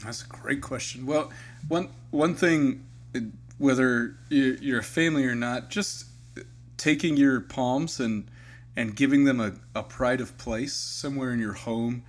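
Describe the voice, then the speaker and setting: A man's voice: mid-range voice, measured pace. A man co-hosting a podcast, speaking earnestly and reflectively in casual conversation with his co-host. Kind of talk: casual chat.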